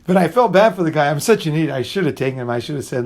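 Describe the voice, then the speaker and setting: A man's voice: a little high, lively intonation, racing. Rambling profane man telling a story. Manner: rambling, profane, restarts often, acts out voices in quotes. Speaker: channel host. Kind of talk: casual storytelling monologue.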